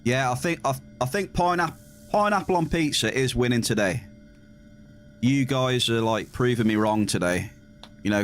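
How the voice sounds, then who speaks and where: Chatty English man streaming a game. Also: on the low side. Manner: chatty, reading chat aloud, bursts of excitement at hits. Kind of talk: casual live-stream chat. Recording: game music behind.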